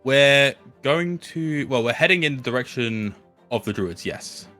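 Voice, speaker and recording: A man at a tabletop game talks through the party's plans, stopping and restarting as he thinks aloud. His voice sits in a plain middle range, with soft music underneath. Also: medium pitch, animated. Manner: halting, thinks aloud with many fillers. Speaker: player. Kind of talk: casual tabletop game chat.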